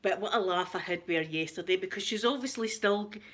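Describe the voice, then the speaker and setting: A middle-aged woman with a Scottish accent, hosting a casual live chat, chatty and quick to laugh, often repeating herself. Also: mid-range voice, fairly bright tone. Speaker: livestream host.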